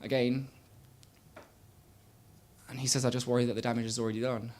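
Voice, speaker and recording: A young man performing a spoken word poem on a small stage, rhythmic, swinging from loud bursts to quiet murmurs. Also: medium pitch, little pitch movement, a little fast, a little hiss or hum. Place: small live venue stage.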